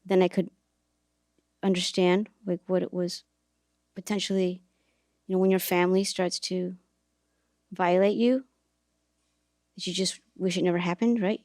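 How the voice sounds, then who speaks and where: A woman's voice: on the low side, little pitch movement, measured pace, long pauses, darkish tone, no room sound, studio quality. A woman hosting a podcast, telling a personal story in a reflective, earnest way, with hesitations and restarts. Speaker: podcast host and author.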